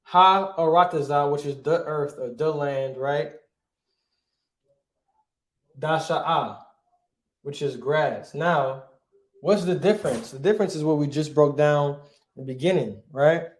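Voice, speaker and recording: Brief: male teacher, slightly higher voice, casual, peppers with "right?", echoey room. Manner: casual, says "right?" constantly, sounds out words slowly. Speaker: Hebrew teacher. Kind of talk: online language class.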